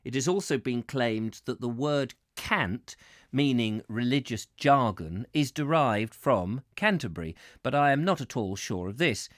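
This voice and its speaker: A man reads from a book on a live stream with a lively, swooping voice that drifts into playful, rambling chatter with his viewers. The sound is dry and close, with no room around it. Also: medium pitch, a little slow, no room sound. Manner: playful, rambling, chuckling asides. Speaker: live-stream host reading a book aloud. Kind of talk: reading aloud with chatty asides to viewers.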